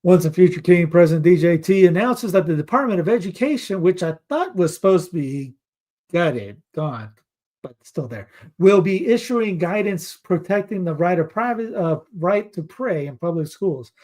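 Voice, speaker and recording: Guy hosting a news commentary show, voice on the high side, sarcastic and rambly. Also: animated, normal speed, a little mellow. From North Carolina. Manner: sarcastic, reads headlines aloud and mocks them; rambling asides while searching for clips.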